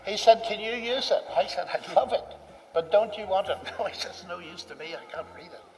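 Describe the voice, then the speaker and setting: High-voiced man telling a story in a hall. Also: brisk. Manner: animated, acts out dialogue. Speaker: speaker recounting a personal story. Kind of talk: anecdotal storytelling talk. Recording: distant mic in a reverberant hall.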